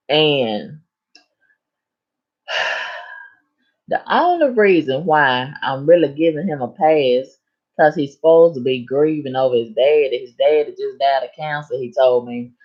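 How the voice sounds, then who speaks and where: A female streamer reads her chat's comments aloud and responds with lively sass, her voice leaping up and down in pitch during the relaxed conversation. The sound comes across dull.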